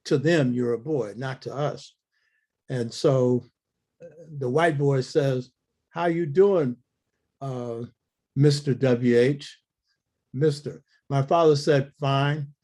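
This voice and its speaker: A man's voice: medium pitch, a little mellow. An older man telling a family story in an interview, blunt and earthy, acting out the quoted dialogue.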